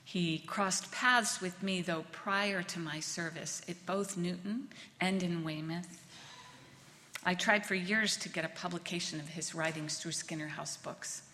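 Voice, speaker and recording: A woman minister giving a reflective sermon, speaking gently and letting words trail off softly. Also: on the low side, steady tone, a little slow, slight background noise. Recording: long reverb of a large hall.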